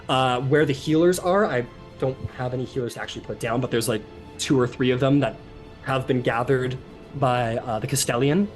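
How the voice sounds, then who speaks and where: Male game master, loose casual narration full of fillers. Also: mid-range voice. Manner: casual, rambling, many fillers.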